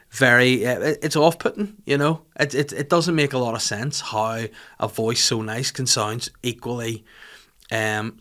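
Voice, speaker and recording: Man ranting comedically. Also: mid-range voice. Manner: animated, swearing, joking rants. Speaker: podcast host. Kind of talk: casual comedic chat. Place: podcast studio.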